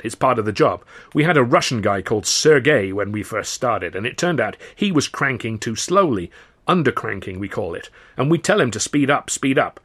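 A man voicing a brash, fast-talking film studio boss who boasts loudly in a salesman's patter, in an audiobook. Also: fairly low pitch, slightly rough, heavily acted. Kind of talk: audiobook character voice.

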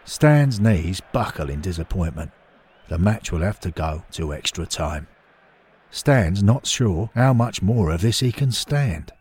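A man narrating a story in an expressive, dramatic scripted manner. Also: low voice, unhurried, slightly rough.

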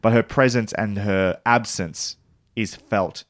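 A man's voice: on the low side, slow pace, no room sound, clean studio sound. A man co-hosting a casual podcast chat, easygoing and thoughtful, drifting into asides. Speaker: podcast co-host.

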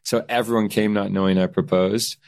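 A man's voice: lowish voice, fairly even intonation, a little fast, vocal fry, darkish tone. A young man from Canada, a guest telling a story in casual chat and acting out the lines people said.

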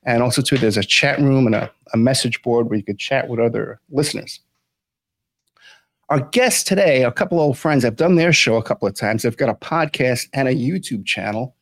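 A man's voice: mid-range voice, brisk, no room sound. A man hosting a podcast, talking casually with many fillers and restarts. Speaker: podcast host. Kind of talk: casual interview.

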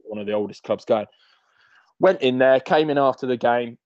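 A man's voice: medium pitch, normal speed, darkish tone, dry recording, highs cut off. A man hosting a podcast, chatting casually with matey banter. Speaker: podcast host. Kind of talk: casual chat.

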